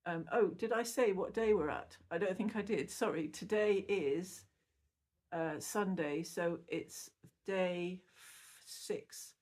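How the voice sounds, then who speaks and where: A woman's voice: on the low side, slow, a little mellow. Chatty woman rambling through a recovery vlog. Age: middle-aged. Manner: rambling, chatty, laughs often. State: recovering from surgery. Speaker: vlogger.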